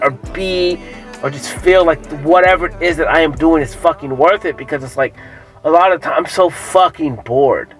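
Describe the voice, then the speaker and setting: Man with a slightly raised pitch, loose and rambling, swears a lot, restarts often, music faint behind. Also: a bit bright, low-quality recording. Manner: profane, rambling, with many fillers and restarts. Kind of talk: casual rambling monologue.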